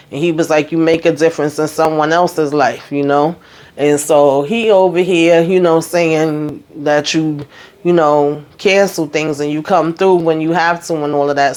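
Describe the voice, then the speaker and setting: A woman recapping a TV episode in a casual, animated way from a hot room at home. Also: low-pitched. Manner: chatty, animated, talks to viewers with "honey" and "okay". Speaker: TV recap host.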